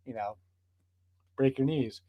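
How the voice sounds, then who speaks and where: A man's voice: mid-range voice, takes it slowly, no room sound, highs cut off, voice pushed down. A man putting on a smug, threatening mafia extortionist with mock-casual menace.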